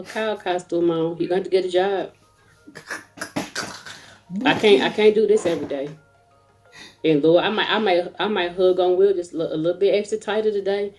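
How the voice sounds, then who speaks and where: Chatty mom ranting for laughs, mid pitch, little bit of music playing under her. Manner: animated and comic, acts out voices. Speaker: mother. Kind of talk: casual storytelling rant.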